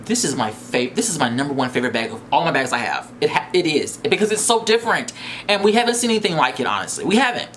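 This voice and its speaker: A man's voice: fairly high pitch, sing-song, fast talker, a bit bright, a little hiss or hum. A man hosting a casual unboxing vlog, talking in a gushing, exclamatory way and repeating his phrases. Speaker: vlogger reviewing a bag.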